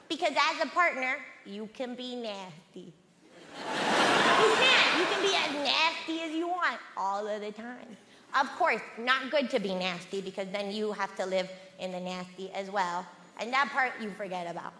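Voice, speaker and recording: A woman performing a stand-up routine on a theatre stage, deadpan and self-mocking, breaking into sudden squeals. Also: medium pitch, moderate pace. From Latin American family background. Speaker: stand-up comedian. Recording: echoey theatre hall, loud noise.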